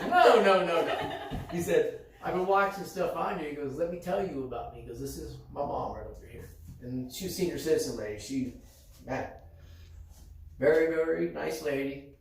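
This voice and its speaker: A man who runs a sports card shop and hosts the show, telling a story in a casual way and acting out the other person's lines. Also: on the high side. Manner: animated, acts out quoted dialogue. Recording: very echoey room, distant mic, faint noise.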